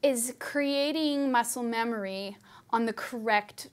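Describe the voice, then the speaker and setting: A woman's voice: a little high, slow pace, clean tone. A woman giving a live piano lesson, explaining in an upbeat, chatty way. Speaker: piano teacher. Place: studio with piano.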